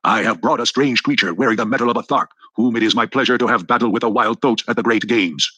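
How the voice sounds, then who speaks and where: Guy doing a big scarred martian warlord, loud and menacing, bright husky tone. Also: on the low side, fairly even intonation, fast, dry recording, heavily acted.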